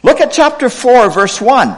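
A middle-aged male pastor delivering a sermon in a high voice that swoops widely in pitch. He acts out scripture quotes with dramatic emphasis. His voice rings with the long reverb of a large hall. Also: sing-song, a little slow. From United States, raised partly in Pakistan.

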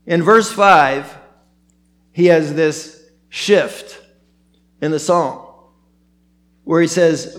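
A man preaching a sermon as pastor, animated, acting out the quotes he tells. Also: fairly high pitch, drawn-out words, pauses often.

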